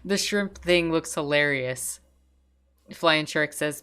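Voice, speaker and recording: A young adult woman streamer chatting casually and reading viewer messages aloud, with a giggly, relaxed manner. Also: low-pitched, unhurried, clean tone, faint music behind. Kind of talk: casual livestream chat.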